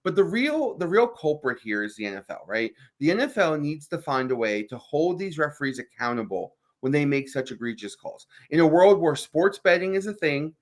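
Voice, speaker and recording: A man co-hosting a sports radio show, talking in an animated, emphatic way with frequent restarts. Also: a little high, moderate pace, few pauses. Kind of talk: casual sports talk.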